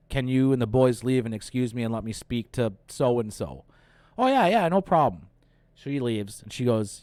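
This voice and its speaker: A man hosts a casual movie review, retelling scenes with plenty of swearing and quick acted-out quotes. His voice sits at a middle pitch, and the recording is dry, with no room sound. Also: no echo. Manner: animated, profane, acts out quotes. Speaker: host.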